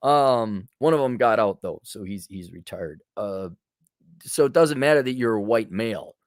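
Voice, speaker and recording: A man's voice: on the low side, lively intonation, moderate pace, dry recording, clean studio sound. A man hosting an advice podcast, talking bluntly and sarcastically in a casual monologue. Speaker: podcast host giving advice.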